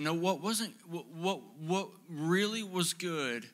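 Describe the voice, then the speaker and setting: Young male pastor, high bright voice, humorous and animated storyteller in a sermon. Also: unhurried.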